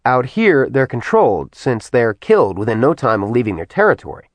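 A man voicing a tired, blunt former god in a low, plain voice. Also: big pitch swings, fairly quick, no echo. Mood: weary. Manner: dry, weary, blunt. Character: weary ancient male ex-god, gruff.

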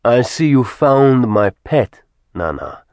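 A man's voice: mid-range voice, sing-song, slow, darkish tone, dry recording. A man voicing an arrogant demon lord. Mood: cold gloating. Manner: cold, gloating threats.

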